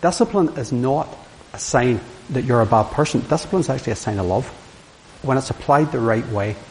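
A man's voice: mid-range voice, expressive, a little fast, darkish tone. A middle-aged man giving an earnest, anecdotal sermon. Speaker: preacher. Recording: hissy hall with long reverb.

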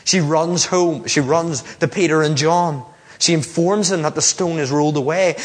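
A man's voice: fairly high pitch, moderate pace. A man preaching a sermon, telling stories and acting out the lines he quotes. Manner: storytelling preacher, acts out quotes. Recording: long hall reverb.

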